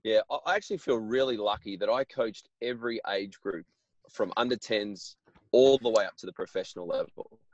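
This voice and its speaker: A man's voice: lowish voice, fairly quick, no echo. A man around forty, a basketball coach, speaking as an interview guest in a friendly way with easy laughter. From Australia. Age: 40s. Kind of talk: interview conversation. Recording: dry, muffled remote line.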